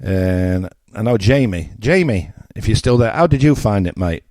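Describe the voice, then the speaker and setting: Blunt older English radio presenter, low and dry. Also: male voice, animated, normal speed, a little mellow, dry recording. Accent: Yorkshire English. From England. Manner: blunt, mocking, conversational with asides. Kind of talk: opinionated radio monologue.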